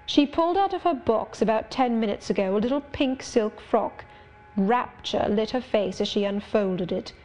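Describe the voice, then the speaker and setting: A woman reading the part of a brooding, sardonic middle-aged gentleman in an audiobook, speaking in a measured, wry, confiding way. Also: a little high, lively intonation, soft background music, lightly acted.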